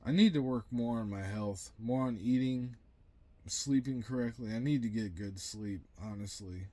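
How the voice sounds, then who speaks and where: Man, young adult, venting vlog, profane and blunt, agitated rambling, ordinary mid-pitched voice. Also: moderate pace, warm tone. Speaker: vlogger.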